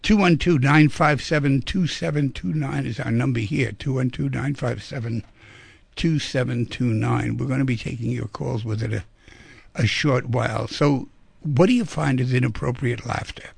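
Male radio call-in host, playful storyteller; husky, dry studio sound. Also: medium pitch, moderate pace, no room sound. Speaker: radio talk show host.

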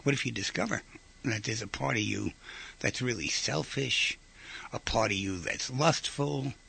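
Husky, gravelly man lecturing animatedly. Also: medium pitch, expressive, measured pace, pushed and bright. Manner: conversational, asks the audience rhetorical questions; acts out short quoted voices. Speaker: speaker giving a talk. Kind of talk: informal lecture.

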